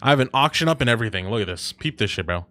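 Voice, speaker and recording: A man's voice: medium pitch, expressive, racing, bright, forceful tone, no echo, clean studio sound. A man streaming a video game, chatting casually in a profane, teasing way that often breaks into laughter. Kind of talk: casual gaming chat.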